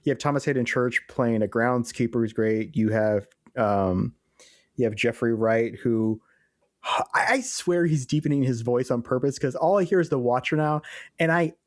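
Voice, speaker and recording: A man's voice: mid-range voice, normal speed, no room sound, studio quality. A young adult man co-hosting a podcast, giving film opinions in an easygoing way with hesitant fillers. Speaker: podcast co-host. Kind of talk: casual film review chat.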